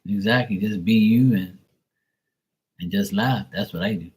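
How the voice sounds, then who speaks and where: A man with a husky, breathy voice rants to his livestream viewers in a casual way. He is blunt and profane, and he mocks the people he talks about with a sharp tongue. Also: lowish voice, measured pace, low-quality recording. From Bermuda. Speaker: livestream host.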